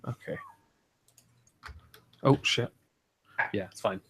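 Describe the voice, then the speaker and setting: A man's voice: slow pace, fairly bright tone, slight background noise. A man hosting a casual group chat, joking and swearing freely.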